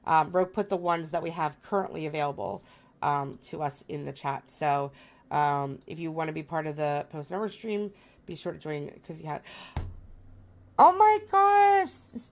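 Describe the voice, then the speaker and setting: A woman's voice: low voice, normal speed. A woman hosting a live stream, gushing and flustered as she thanks her viewers.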